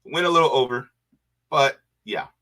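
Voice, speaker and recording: A man hosting a livestream, thanking viewers by name and getting excited and emotional. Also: mid-range voice, moderate pace. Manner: excited, emotional, shouting for joy. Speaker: livestream host. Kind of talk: casual livestream sign-off.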